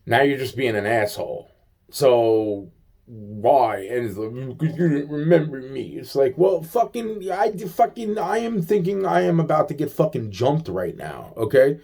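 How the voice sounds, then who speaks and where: A man's voice: mid-range voice, sing-song, a little slow, vocal fry, a little mellow. A man venting in a rambling casual monologue, agitated, profane and full of repeated fillers.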